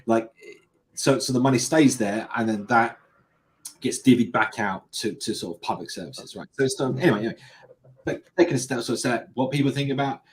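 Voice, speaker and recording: A man's voice: medium pitch, fairly quick, low-quality recording. A man with a British accent hosting a live tech stream, chatting casually and rambling with many restarts. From United Kingdom. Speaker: livestream host. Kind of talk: casual chat.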